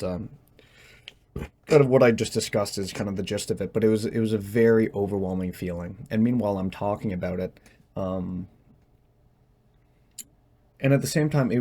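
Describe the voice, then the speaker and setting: A young man speaking in a personal confessional monologue, halting and hesitant as he searches for words, tense as he talks. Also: lowish voice, warm tone. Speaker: vlogger.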